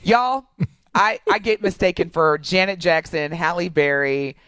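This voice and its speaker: A woman's voice: lowish voice, unhurried, a bit bright, clean tone, no room sound. A woman co-hosting a radio talk show in a studio, bantering playfully and teasing her co-host.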